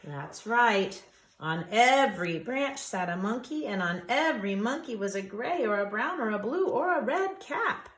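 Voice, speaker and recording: Slow, expressive woman reading to children. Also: on the high side. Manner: expressive, drawn-out, asks listeners to join in. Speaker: storyteller for a preschool. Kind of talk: children's story read-aloud. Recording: echoey room.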